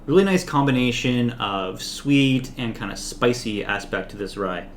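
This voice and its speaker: A man's voice: mid-range voice, animated, measured pace, slight background noise. A man hosting a whiskey review, talking casually and relaxedly with lots of "like" and "um" fillers.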